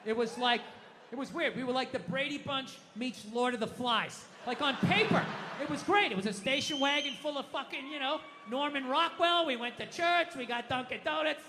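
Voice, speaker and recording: A man doing a stand-up comedy set, ranting loudly with heavy swearing and shouted impressions. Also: extremely high pitch, moderate pace, long reverb tail, a little hiss or hum. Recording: live club with audience laughter. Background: crowd laughing.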